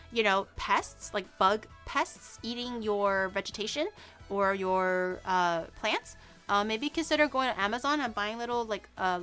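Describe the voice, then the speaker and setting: A woman's voice: on the high side, fairly bright tone, clear, resonant tone. A woman streaming as a VTuber, chatting casually with her viewers in a giggly, rambling way full of restarts. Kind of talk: casual live-stream chat.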